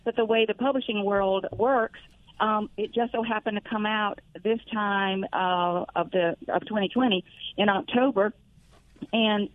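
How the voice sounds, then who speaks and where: A woman's voice: mid-range voice, fairly even intonation, unhurried, no echo. A woman with a Georgia accent, a guest author on a radio interview, talking earnestly with small restarts. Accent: Georgia, US South. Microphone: phone call. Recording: tinny phone line.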